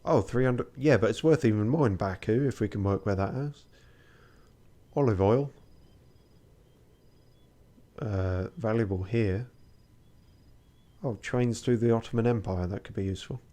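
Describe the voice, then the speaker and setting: A man's voice: lowish voice, a little slow, long pauses, warm tone. A tired man streaming a game, reading its text aloud and making wry, muttered asides.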